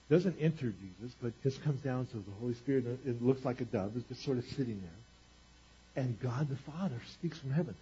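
A man preaching a sermon, moving from quiet earnest talk to booming exclamations. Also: lo-fi sound, a little hiss or hum. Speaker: pastor.

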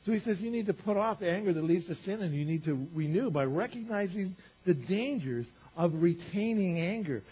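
A male pastor preaching a sermon to a congregation, talking conversationally with rhetorical questions and swinging from loud to quiet. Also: high voice, expressive, a little fast, few pauses, slightly rough. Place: church. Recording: dull lo-fi church recording.

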